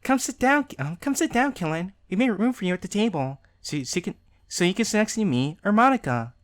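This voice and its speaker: A man's voice: high-pitched, expressive, a little fast, voice pushed up. A man voicing a cheerful, shy teenage girl in a visual novel, stammering and eager.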